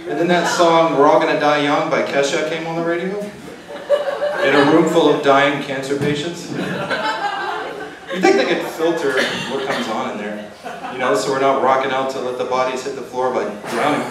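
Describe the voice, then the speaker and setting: Young comedian, man, dry self-deprecating stand-up, lively delivery, echoey room. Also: on the high side, normal speed, crowd noise. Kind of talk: stand-up routine. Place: open mic in a restaurant bar. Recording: echoey room, distant mic, background noise.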